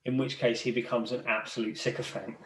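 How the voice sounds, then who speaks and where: A man's voice: mid-range voice, little pitch movement, a little fast, a little hiss or hum. A man co-hosting a podcast, chatting enthusiastically and often repeating words as he gets going. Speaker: podcast co-host. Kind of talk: casual chat. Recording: roomy and distant from the mic.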